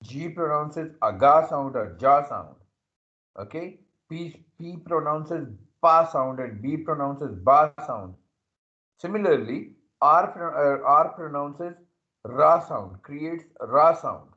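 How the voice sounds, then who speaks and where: A man teaching an English lesson, explaining slowly and repeating himself, often checking in with "okay". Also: on the high side, lively intonation, bright, forceful tone, highs cut off. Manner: repetitive, checks understanding with "okay". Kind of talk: slow classroom explanation.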